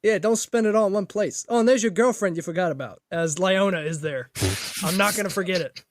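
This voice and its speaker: A man's voice: high voice, fairly quick, natural voice. A man voicing a pushy male merchant with an overplayed Boston accent and cocky street-tough patter. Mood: brash. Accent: exaggerated Boston.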